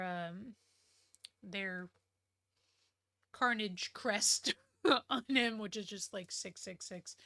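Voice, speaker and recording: A woman casually recapping a book she loves, rambling and excitable, with lots of fillers and the odd swear word. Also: medium pitch, clean tone. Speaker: book reviewer.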